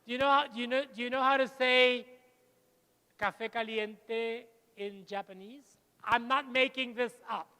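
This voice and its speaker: High bright-voiced man speaking in a hall. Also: moderate pace, clear, resonant tone. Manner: lively, switches between English and Spanish, tells anecdotes. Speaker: conference speaker. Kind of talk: plenary talk to teachers. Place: large lecture hall. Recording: long hall reverb.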